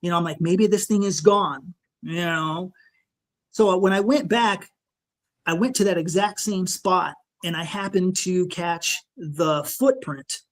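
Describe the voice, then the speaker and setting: Shaken man telling his story haltingly. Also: sits high. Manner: halting, with frequent restarts and "you know"; shaken, emotional retelling. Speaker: podcast guest. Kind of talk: recounting a personal encounter.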